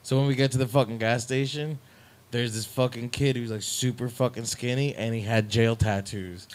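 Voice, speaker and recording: A man's voice: mid-range voice, fairly even intonation, normal speed, slight background noise. A young man telling a long, profane, rambling story about playing music on tour, in a casual podcast chat.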